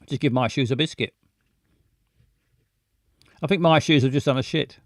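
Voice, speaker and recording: A man hosting a live show, chatting casually in a halting, playful way with many restarts and silly jokes. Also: medium pitch, no room sound, clean studio sound. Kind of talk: casual rambling live chat.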